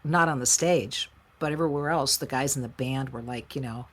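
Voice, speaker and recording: Interview guest: middle-aged woman, low voice, candid and emotional, storytelling with quoted voices. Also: a little fast. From United States. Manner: frank, emotional, animated retelling with quoted voices. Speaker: interview guest, singer-songwriter.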